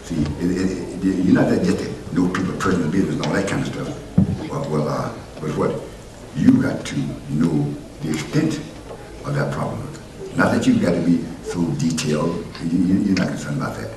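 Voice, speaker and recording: A man preaching a sermon as pastor, swinging between loud emphatic peaks and quieter conversational asides to the congregation. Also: deep voice, moderate pace. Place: church sanctuary. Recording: roomy church hall from far off, noisy.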